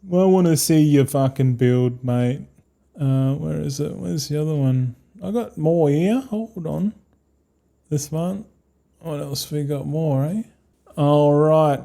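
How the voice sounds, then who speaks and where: A man's voice: on the high side, a little slow, vocal fry, warm tone. An Australian man live-streaming a game, chatting casually and rambling, with frequent swearing and matey slang.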